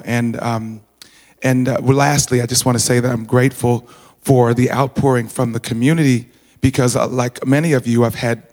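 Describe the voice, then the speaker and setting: A man giving an earnest, halting testimony of thanks to his church, often restarting his sentences. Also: mid-range voice, a little mellow. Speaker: congregant sharing gratitude. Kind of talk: informal personal testimony. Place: church sanctuary. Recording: reverberant hall.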